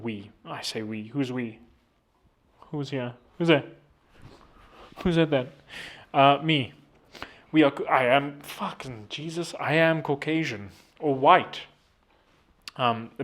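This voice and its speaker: A man's voice: mid-range voice, fairly bright tone. Rambling sarcastic vlogging man. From South Africa. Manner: digressive, sarcastic, self-interrupting asides. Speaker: commentary vlogger. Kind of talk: rambling casual commentary.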